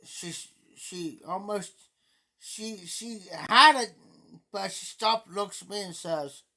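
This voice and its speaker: A man's voice: high voice, slow, pushed and bright. Rambling middle-aged man telling a story. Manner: rambling, repeats himself often. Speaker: live streamer. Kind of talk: casual storytelling.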